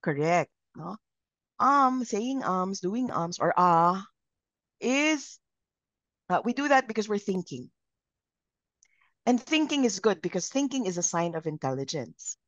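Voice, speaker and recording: A woman's voice: medium pitch, big pitch swings, a little slow, pauses often, a bit bright, no room sound. A woman with a Filipino accent leading a live communication training, engaging the group with questions. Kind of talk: live training session, Taglish. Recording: dull lo-fi sound.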